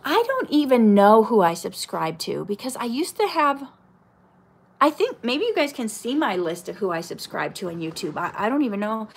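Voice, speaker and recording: A middle-aged woman with a slightly high voice chats through a casual live Q&A. She reads questions aloud in an easy, unhurried way, then answers them at length. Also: very animated, gravelly, breathy edge. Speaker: actress answering viewer questions.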